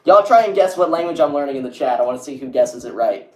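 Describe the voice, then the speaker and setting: Animated and fast, this mid-range voice belongs to a young man streaming from an echoey room. He chats in a rambling way, reading chat messages out loud and filling his talk with "like."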